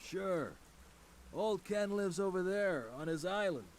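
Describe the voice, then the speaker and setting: An actor playing a gruff, sardonic fisherman in a game, with a put-on accent and a folksy manner. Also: sits high, unhurried, a little hiss or hum. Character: gruff middle-aged male fisherman. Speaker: game character.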